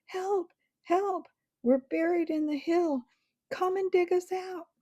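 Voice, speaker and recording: A woman voicing an excited young English schoolgirl, calling out in a shrill, urgent voice. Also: unhurried, no echo, lo-fi sound.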